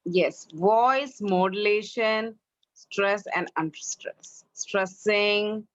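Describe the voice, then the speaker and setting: A woman's voice: medium pitch, extremely slow, no echo, highs cut off. Indian woman teaching an online English class. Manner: corrects pronunciation, drills students. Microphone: online class, video call.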